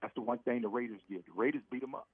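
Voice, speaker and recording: A man's voice: mid-range voice, very fast, breathy edge, dry recording. A middle-aged man calls in to a sports radio show and talks in an emphatic, repetitive way, restarting his phrases as he goes. His voice comes through a tinny phone line. The sound is completely dry. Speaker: former NFL receiver, radio guest. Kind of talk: casual sports radio talk.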